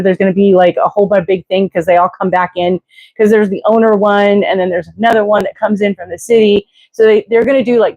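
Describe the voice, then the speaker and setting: A woman's voice: mid-range voice, darkish tone, dry recording. A woman hosting a casual livestream, rambling and digressing with many fillers and restarts, now and then acting out quoted voices. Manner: acts out quoted voices with exclamations. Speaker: livestream host.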